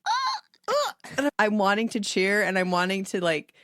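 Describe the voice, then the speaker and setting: A woman's voice: medium pitch, steady tone, fairly quick, fairly bright tone, no room sound, studio quality. A woman in her thirties co-hosting a podcast, chatting casually and earnestly about parenting, laughing often. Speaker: podcast co-host. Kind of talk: casual chat.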